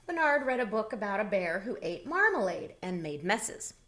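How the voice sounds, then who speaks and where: A woman reading a children's picture book aloud in a gentle, unhurried way. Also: medium pitch, big pitch swings. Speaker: storybook reader. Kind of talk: children's story read-aloud.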